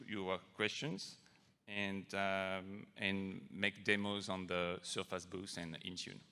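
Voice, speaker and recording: A man with a French accent speaks at a company conference, his first language French, his delivery halting with frequent pauses. His voice sits fairly low but carries a bright, forward edge. The sound trails off in the long reverb of a large hall. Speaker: company CEO. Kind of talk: conference presentation.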